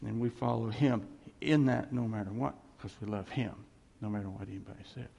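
A man preaching a sermon as pastor, earnest and repeating his key phrases, swinging from loud to quiet. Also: on the low side, fairly quick, gravelly, husky. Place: church sanctuary. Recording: church hall reverb.

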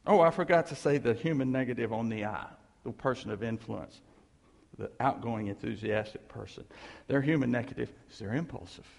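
A male pastor giving a conversational sermon, animated, checking in with the listeners and asking "okay?" again and again. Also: medium pitch, brisk, vocal fry, in a large hall.

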